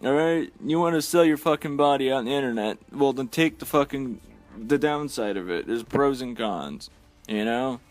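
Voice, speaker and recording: A man's voice: mid-range voice, moderate pace, soft background music. A man delivering a blunt, heavily profane, exasperated rant as a vlogger.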